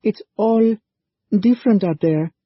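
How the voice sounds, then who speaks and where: A woman's voice: mid-range voice, level tone, a little slow, no room sound, voice pushed up, close to an everyday voice. A male narrator voicing a frightened teenage girl who is out of breath and panting. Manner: panting, shaky. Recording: muffled dull recording.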